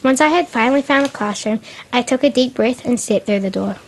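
A woman's voice: fairly high pitch, brisk. A woman reads a first-person story aloud in a plain, unpolished way, often stumbling and restarting words. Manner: unpolished reading with restarts and slips.

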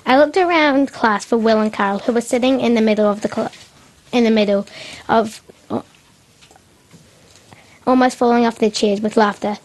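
A woman's voice: on the high side, moderate pace, long pauses, close to an everyday voice. Girl reading as a troubled teenage girl narrator. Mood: reflective. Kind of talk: read-aloud story narration.

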